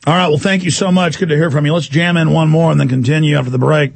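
A man hosting a call-in radio show, ranting fast and indignantly and mocking officials in put-on voices. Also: on the high side, steady tone, creaky, no echo. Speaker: radio talk show host.

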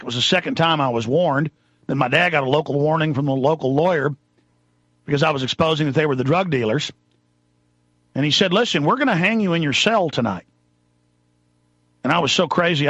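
A man from Texas hosting a talk show, ranting angrily and shouting accusations into the microphone. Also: a little high, dry recording. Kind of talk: angry political rant.

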